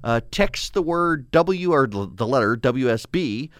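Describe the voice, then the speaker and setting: A man hosting a talk radio show, sarcastic and animated, laughing at his own jokes. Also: mid-range voice, measured pace. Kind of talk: conservative talk radio monologue. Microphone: studio microphone.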